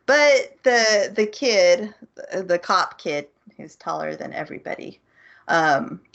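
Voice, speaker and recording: A woman's voice: on the low side, takes it slowly, gravelly. Woman recapping a plot, lo-fi audio. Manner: animated plot recap with acted-out quotes. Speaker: podcast co-host. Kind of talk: casual chat. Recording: muffled lo-fi audio.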